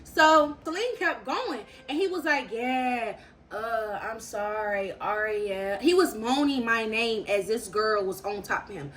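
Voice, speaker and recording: Young woman vlogger, bright, animated storyteller with slangy, repetitive delivery. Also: fairly high pitch, normal speed, few pauses, a little hiss or hum. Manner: slangy, animated, repeats phrases for emphasis. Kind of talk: casual storytelling.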